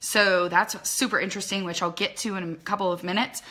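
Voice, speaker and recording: This social media business trainer has a bright, forward voice of medium pitch and fairly even intonation. She talks into her phone during a casual live tutorial for small-business owners, explaining in rapid, chatty bursts padded with fillers and loose asides.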